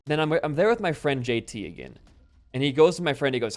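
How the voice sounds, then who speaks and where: A man's voice: mid-range voice, very animated, quick pace. A young man telling a rambling story while playing a game, swearing freely and breaking off to react to the game. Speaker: gaming YouTuber.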